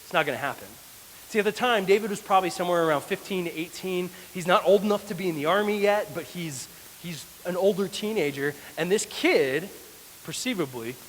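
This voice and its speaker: Male pastor, lively storytelling sermon, fairly high voice, long church reverb with faint hiss. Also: fairly quick. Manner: animated storytelling. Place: church hall.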